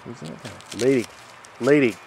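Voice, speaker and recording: A man's voice: mid-range voice, moderate pace, vocal fry, darkish tone, a little hiss or hum, poor audio. A man filming his pets at home and in the yard, talking to them in a playful, teasing, sing-song way through the camera's own mic. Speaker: pet owner filming his animals. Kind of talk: casual talk to pets behind the camera. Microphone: handheld camera mic.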